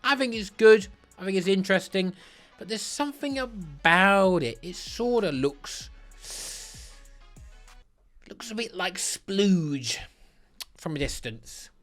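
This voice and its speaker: A man's voice: lively intonation, slow pace, long pauses, fairly bright tone, soft background music. A man giving blunt, crude, sarcastic commentary while ranking football kits. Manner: blunt, crude and sarcastic, with big swings in pitch. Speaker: football kit reviewer. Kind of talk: comedic kit ranking commentary.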